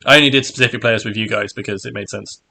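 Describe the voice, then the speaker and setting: A man running a charity tabletop game stream as game master, chatty and quick to laugh, with many restarts. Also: lowish voice, fairly even intonation, vocal fry, bright, forceful tone.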